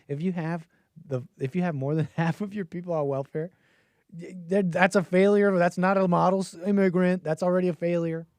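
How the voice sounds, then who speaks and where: A man's voice: sits high, fairly even intonation, a little fast, darkish tone, no room sound. An American man hosting a livestream call-in show, talking in a sarcastic, mocking way. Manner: sarcastic, mocking quoted voices.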